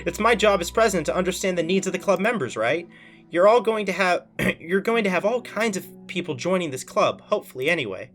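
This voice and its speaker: A man's voice: high voice, lively intonation, fairly quick, a bit bright, faint music behind. A man reading the lines of a cheerful teenage club president aloud from a visual novel, plainly and with small stumbles. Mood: reassuring.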